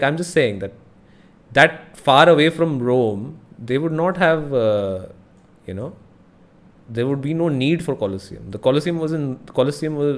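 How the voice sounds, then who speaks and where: A man hosting a casual gaming livestream, thinking aloud and muttering as he reads signs under his breath. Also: medium pitch. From India. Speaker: livestream host.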